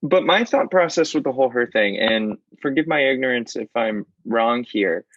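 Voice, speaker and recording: A man's voice: medium pitch, animated, normal speed, no room sound, dull audio. A man co-hosting a podcast in casual chat, hedging his opinions and laughing at himself. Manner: hedging, self-deprecating, laughs often. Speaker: podcast co-host.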